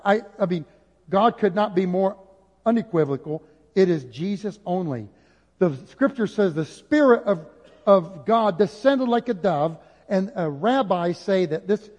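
A male pastor preaching an impassioned sermon, rising at times to near shouting. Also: high-pitched. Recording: dull audio with long hall reverb.

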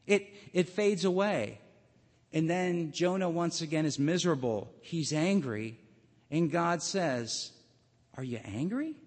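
Man, preacher, sermon, fairly high voice, dramatic storytelling, long hall reverb. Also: slow. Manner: storytelling, dramatic swings in pitch and volume.

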